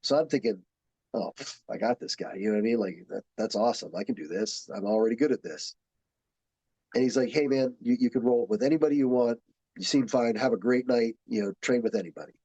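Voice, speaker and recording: A man's voice: mid-range voice, fast talker, no echo, poor audio. A man who teaches jiu-jitsu, telling stories in casual podcast chat and acting out the people he quotes. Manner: animated storyteller, acts out quotes.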